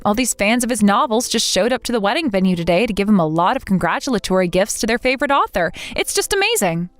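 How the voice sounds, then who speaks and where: A woman's voice: medium pitch, animated, quick pace, dry recording, soft background music, lightly acted. A woman voicing an exasperated young bride in a text-message story, demanding and indignant toward her sister. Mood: vindicated.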